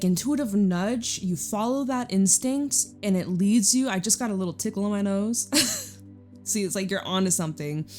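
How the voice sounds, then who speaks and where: Chatty and informal, a young Canadian woman reads tarot to camera by intuition. Her voice is mid-range and mellow, and she lingers on emphatic phrases.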